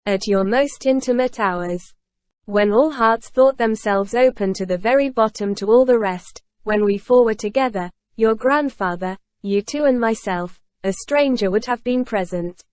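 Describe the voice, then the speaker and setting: A woman's voice: fairly high pitch, moderate pace, darkish tone, no echo, natural voice. Woman voicing a guilt-crushed aging ex-convict, solemn confessional tone, storybook reading. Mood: anguished. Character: remorseful aging ex-convict man, tormented.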